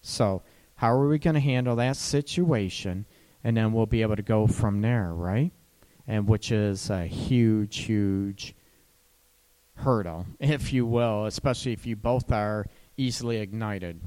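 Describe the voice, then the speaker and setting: A man's voice: lowish voice, unhurried, a little mellow. A man hosting a relationship advice show, talking casually and often checking in with "right?". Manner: conversational, often asks "right?". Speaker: radio relationship advice host.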